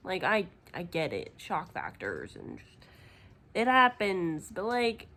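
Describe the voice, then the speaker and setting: A woman's voice: lowish voice, slow pace. Chatty young woman book vlogger. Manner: rambling and chatty, with many fillers; emotionally expressive. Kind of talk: casual reading vlog chat.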